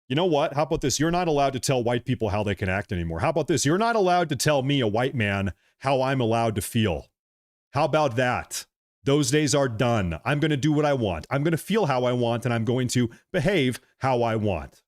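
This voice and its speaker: A man's voice: medium pitch, expressive, fairly quick. A man hosting a political live stream, talking agitated and repetitive and speaking straight to his viewers. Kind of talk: casual live-stream commentary.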